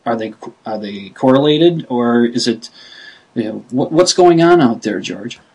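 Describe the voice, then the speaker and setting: Enthusiastic radio host guy, bit husky, rambly questions, casual chat. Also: mid-range voice, lively intonation, measured pace, darkish tone, rough recording. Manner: eager and enthusiastic, laughs easily, rambling questions. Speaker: radio show host, interviewer. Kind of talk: casual interview.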